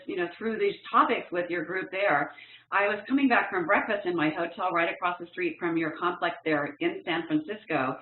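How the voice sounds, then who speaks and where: A woman workshop trainer tells a story in an earnest, expressive way, leaning into key words. Her voice sits a little low and comes through a thin, phone-like line with a roomy echo around it. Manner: warm, earnest and expressive, with lively emphasis. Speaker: professional development trainer. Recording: echoey, tinny phone-like line.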